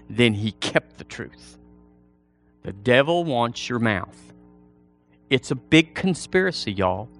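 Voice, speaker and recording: Male preacher, folksy, bright and fairly high voice, faint music underneath. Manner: folksy and animated, mimics people in funny voices. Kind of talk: sermon.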